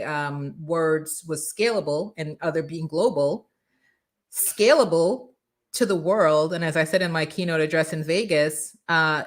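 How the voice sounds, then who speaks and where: A woman's voice: low voice, a bit bright. A middle-aged woman hosting a talk show as a brand coach, speaking energetically and emphatically, often acting out quoted voices.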